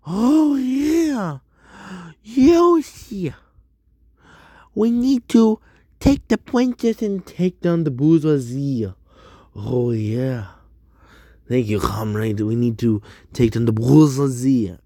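A man voicing a goofy, high-pitched male revolutionary in a mock German accent, calling on his comrades with zealous rallying talk. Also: lively intonation, slow pace, warm tone, no room sound, studio quality, heavily acted. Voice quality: squeaky, much higher than his own voice.

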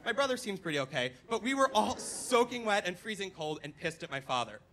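A man's voice: sits high, fairly quick. A young man telling a funny personal story on stage at a live storytelling night. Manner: comic, animated retelling. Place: stage at a dance venue.

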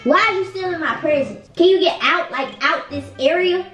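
A woman's voice: very high-pitched, normal speed, a bit bright, recorded from a distance, soft background music. A young woman in a home bedroom, irritated and scolding, repeating herself as she argues in a prank vlog. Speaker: vlogger. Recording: echoey room, off-mic.

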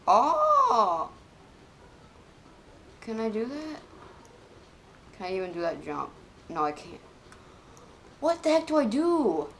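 A woman giving let's play commentary on a game, swinging between loud excited outbursts and quiet muttering to herself. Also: medium pitch, a little slow, gravelly, pauses often. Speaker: gaming channel host.

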